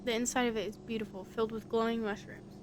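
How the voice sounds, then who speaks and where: A woman's voice: fairly high pitch, flat delivery, quick pace, background noise, lightly acted. Earnest inquisitive game sleuth, voiced by a woman. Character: polite young investigator searching for someone. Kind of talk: voice-acting a visual novel.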